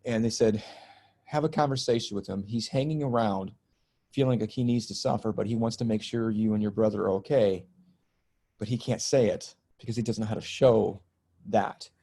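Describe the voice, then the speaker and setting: A middle-aged spiritual teacher and healer appears as a guest on a podcast interview, telling a personal story in a mellow, lowish voice at normal speed. He's earnest and emotional but eases the tension with jokes.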